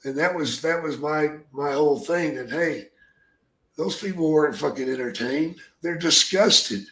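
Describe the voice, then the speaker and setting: An older man telling profane stories in casual chat, with a gruff manner and loud acted-out quotes. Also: on the high side, measured pace. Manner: gruff, swears constantly, acts out quotes loudly. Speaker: podcast guest, storyteller. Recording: echoey room.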